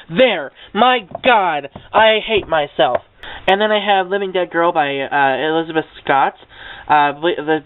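Wandering along his shelves in an off-the-cuff tour, this young man who vlogs about books sounds eager, trips over his words a bit, and swears casually. The voice itself, pitched a little high, is clear and crisp, but the recording has a thin, boxy quality like a budget webcam or phone call.

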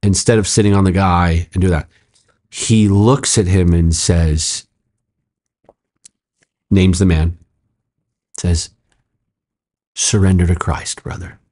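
A middle-aged pastor with a fairly low voice tells a story in conversation. He narrates in quick, emphatic bursts full of "like" and "I'm like." He acts out the quoted lines, jumping sharply up in pitch. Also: fairly even intonation, dark tone. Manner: acts out quoted speech with sudden jumps in pitch. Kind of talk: animated storytelling in a podcast conversation.

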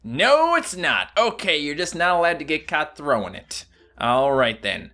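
A man giving casual gameplay commentary, excitable and jumping to high yelps when things go wrong. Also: a little slow. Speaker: gaming YouTuber.

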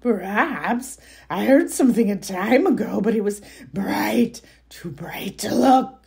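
A woman voicing a huge, sly troll that coaxes children closer in a slow, half-whispered voice while reading a children's novel aloud. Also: medium pitch, lively intonation, gravelly, a little mellow, slightly rough, pitched above the performer's own voice, heavily acted. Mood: coaxing.

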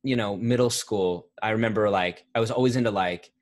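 Man in his thirties, casual interview chat, rambling, self-correcting, lively storyteller. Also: fairly low pitch, fairly quick. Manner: rambling, self-correcting, animated when telling stories. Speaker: voice actor guest. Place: home recording setup, remote interview.

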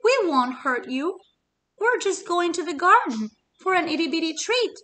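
A woman voicing an eager, brave young boy chick in a storybook, speaking high and loud. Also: sing-song, normal speed, exaggerated voice.

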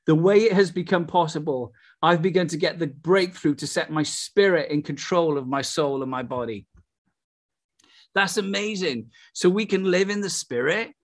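A middle-aged Welsh man preaching with exuberant, excitable energy. His voice sits fairly high for a man, and he tosses out exclamations as he goes. It has the feel of a charismatic sermon. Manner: exuberant, breaks into laughter and exclamations.

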